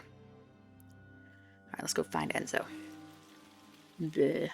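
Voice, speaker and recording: A woman casually commenting on a game she plays, in an offhand, wry way. Her voice is low and gravelly. Faint game music and rain sit behind her. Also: very animated, extremely slow, long pauses, fairly bright tone. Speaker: gamer, let's player.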